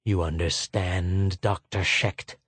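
A cruel male official with a sneer in every word, as a man reads him. The voice sits low and moves at a slow, unhurried crawl, dry and close to the mic. He mocks and threatens with cold deliberation. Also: fairly even intonation, a bit bright, husky, no echo, heavily acted. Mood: menacing. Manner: contemptuous, mocking, deliberate.

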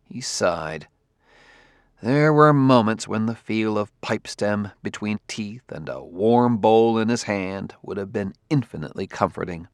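A man reading a novel aloud as audiobook narrator, in a measured, steady way. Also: fairly low pitch, no room sound, clean studio sound. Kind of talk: scripted narration.

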